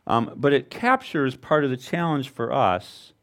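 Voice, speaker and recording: A man preaching a sermon to his congregation in a relaxed, conversational way, with informal asides and self-deprecating humor. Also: medium pitch, measured pace. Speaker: pastor.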